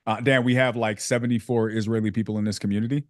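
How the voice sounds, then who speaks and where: A man's voice: fairly low pitch, little pitch movement, quick pace, no room sound, studio quality. A man hosting a sales community on a video call, joking and slangy with lots of fillers. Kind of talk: casual coaching chat on a video call.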